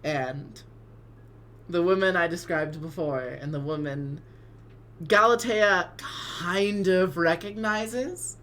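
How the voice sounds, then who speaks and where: Woman running a tabletop game, slow and easy, lots of likes and little laughs. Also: lowish voice, fairly bright tone. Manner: unhurried, hedging, laughs often. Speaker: game master.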